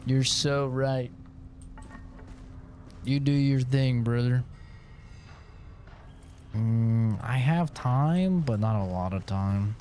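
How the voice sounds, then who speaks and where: A man's voice: mid-range voice, extremely slow, pauses often, darkish tone. A man streaming a video game, giving live commentary full of profane jokes and banter aimed at the characters on screen. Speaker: gaming streamer.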